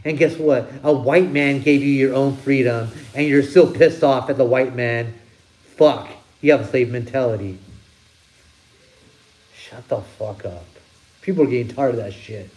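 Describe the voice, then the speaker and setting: A man's voice: mid-range voice, steady tone, unhurried, a little mellow. A man hosting his own channel, delivering a blunt, profane opinion rant with plenty of emphasis. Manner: blunt, emphatic, heavy swearing. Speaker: channel host.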